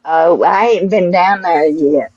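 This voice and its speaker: A woman's voice: on the low side, slow, a little mellow, highs cut off. A woman from Tennessee with a Southern accent, talking in a friendly, folksy way on a live panel. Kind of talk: live audio panel talk.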